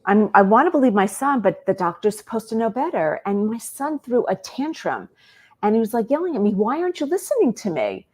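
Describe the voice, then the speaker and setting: A woman, a guest on an interview show, telling a personal story in an animated way and acting out bits of dialogue. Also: mid-range voice, brisk.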